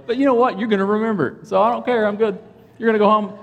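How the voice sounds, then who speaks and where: A man with a high-pitched, racing voice preaches a relaxed, conversational sermon in a reverberant hall. He tells stories about himself, poking fun at his own expense.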